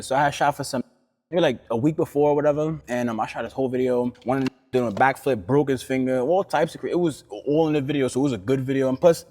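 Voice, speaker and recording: A man's voice: medium pitch, a little mellow, long reverb tail. A young man telling a story casually and animatedly, acting out the quotes in heavy slang.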